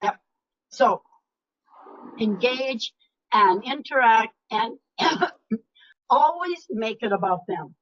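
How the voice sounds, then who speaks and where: Older woman speaker, emphatic and animated. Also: a little high, takes it slowly, pauses often. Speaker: motivational speaker. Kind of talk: webinar talk. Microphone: video call. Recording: lo-fi video call audio.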